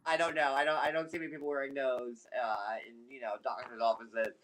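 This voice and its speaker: A man's voice: medium pitch, flat delivery, fast talker, a bit bright, low-quality recording. A man hosting a casual livestream chat, teasing and chatty.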